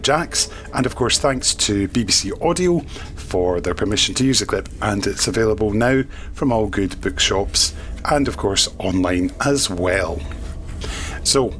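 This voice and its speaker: A man hosting a podcast, briskly introducing guests and thanking contributors. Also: medium pitch, a bit bright, a little hiss or hum. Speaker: podcast host.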